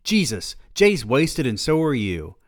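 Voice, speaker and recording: A man's voice: sing-song, a little slow, no room sound, clean studio sound. A man voicing a scathing, exasperated wife who scolds her husband, in a comic novel reading. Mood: scornful. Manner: sarcastic, shrill, scolding. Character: exasperated wife, scornful and sharp.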